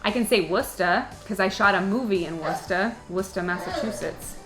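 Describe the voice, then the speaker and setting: A woman's voice: mid-range voice, fairly quick, over music. A woman, an actress, chatting candidly with viewers and answering their comments, joking and laughing often. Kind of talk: casual chat to camera. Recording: echoey room.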